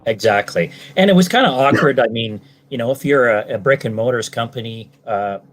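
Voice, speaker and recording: A man's voice: medium pitch, animated, brisk. A man from British Columbia, a salesman, answering interview questions in a rambling way with many ums and restarts. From British Columbia, Canada. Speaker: guest, salesman.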